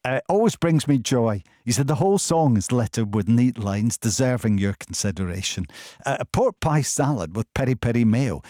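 A man hosts a radio show in a dry, close studio sound. His pitch swings in a lively way as he reads listener messages and savours song lyrics. He stays amused and chatty throughout. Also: moderate pace, no echo. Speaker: radio host. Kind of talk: casual radio chat reading listener messages.

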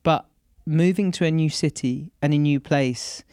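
A woman interviewer asking gentle, curious questions. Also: sits low, a little slow.

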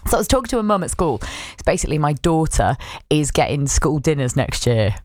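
A woman's voice: sits low, very animated, a little fast, darkish tone, no echo, clean studio sound. A woman hosting a show, chatting casually and teasing her co-hosts, laughing often. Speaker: radio show host. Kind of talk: casual chat.

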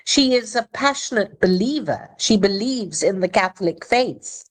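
A woman with a Scottish accent talks in a chatty, lively way as an interview guest. Her voice sits at a middling pitch, and she breaks into laughter easily. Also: moderate pace. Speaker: actress guest. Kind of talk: casual interview chat.

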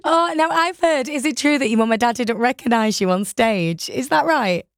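A woman's voice: on the high side, animated, normal speed, no room sound, studio quality. A woman interviewer asking questions with gushing enthusiasm and laughing along with her guest. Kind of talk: casual interview chat.

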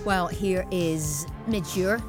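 A woman's voice: fairly low pitch, takes it slowly, loud music behind the voice. A woman with a Yorkshire accent presenting a morning radio phone-in, chatty and reading out listener texts. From England. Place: radio studio. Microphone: studio microphone.

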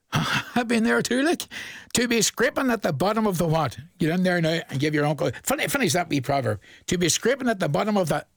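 A man with a Northern Irish accent presenting a radio request show, chatty and rambling as he reads out shout-outs and chuckles between them. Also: high voice, very animated, fast talker, creaky, no room sound.

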